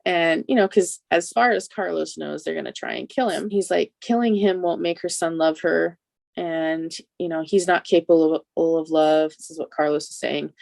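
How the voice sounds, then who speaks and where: A woman recaps a TV episode in a loose, chatty way, laughing between lines. Her voice sits a little low for a woman. The sound is dry, with no room around it. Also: gravelly, dry recording. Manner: chatty, animated retelling with laughs. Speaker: podcast co-host.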